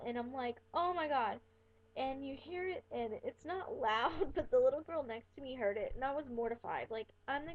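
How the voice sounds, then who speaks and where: A young woman rambles through a personal story with a fairly high voice and plenty of fillers. The sound is thin and tinny, as if heard over a phone line. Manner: rambling, chatty, many fillers. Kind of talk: casual storytelling vlog. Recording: tinny phone-like webcam audio.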